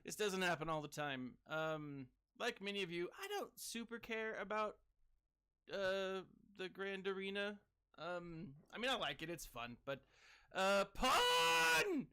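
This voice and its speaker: A man streams a game and talks through it casually, greeting viewers and letting out bursts of excited whooping. His voice sits a bit high and sounds clean and crisp. He speaks at an unhurried pace. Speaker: game streamer reading live chat. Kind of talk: casual gaming commentary.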